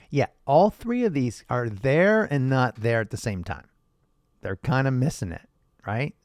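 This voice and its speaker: A man hosting a casual monologue, animated and rhetorical, who addresses viewers directly and swears now and then. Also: medium pitch, unhurried, no echo, studio quality. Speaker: host.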